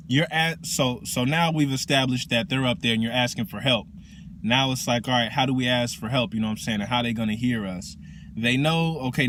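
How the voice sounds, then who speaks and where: A man's voice: mid-range voice, slight background noise. Slangy, profane man explaining spirituality. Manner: slangy, profane, animated storytelling. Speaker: teacher.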